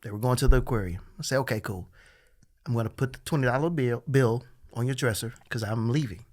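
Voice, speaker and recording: A man who is a guest on a comedy podcast, telling stories about his daughter in an animated, mock-exasperated way. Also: medium pitch, fast. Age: adult with a twelve-year-old daughter. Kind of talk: casual comedy chat.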